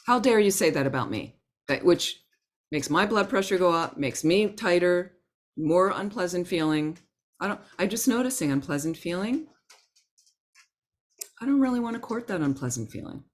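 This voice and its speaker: A woman teaching a Buddhist class in a gentle, conversational way, acting out her inner thoughts as examples. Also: lowish voice. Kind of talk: Dharma talk to a class.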